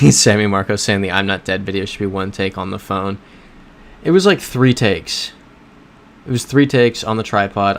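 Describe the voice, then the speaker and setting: A man's voice: fairly low pitch, a bit bright, a little hiss or hum. A man hosting a casual livestream while playing a geography game, talking in a rambling, self-correcting way and answering chat. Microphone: desk microphone.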